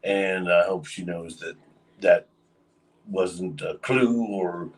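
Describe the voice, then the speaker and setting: A man's voice: low-pitched, takes it slowly, far from the mic, rough recording. A man casually telling a long story on a livestream, rambling with lots of fillers. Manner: rambling, many fillers, acts out quoted voices.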